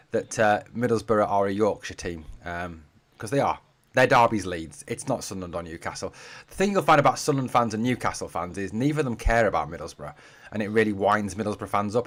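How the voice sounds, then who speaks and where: A man from Durham with a northeast English accent, hosting a live football watch-along from home and chatting to viewers as he reads their comments. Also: medium pitch. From Durham, northeast England. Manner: chatty, addresses viewers as mate and guys. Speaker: football fan channel host. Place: home room being packed up for a move.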